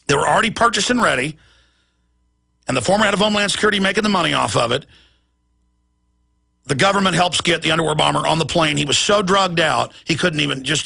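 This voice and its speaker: Shouting raspy man ranting. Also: a little high. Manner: agitated, often shouting, repeats words. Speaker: radio talk show host. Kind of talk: ranting monologue.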